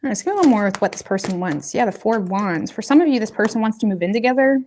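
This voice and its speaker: A woman's voice: mid-range voice, expressive, racing, darkish tone. A woman giving a casual tarot reading, talking straight to her viewers in a loose, rambling, colloquial way. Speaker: tarot reader.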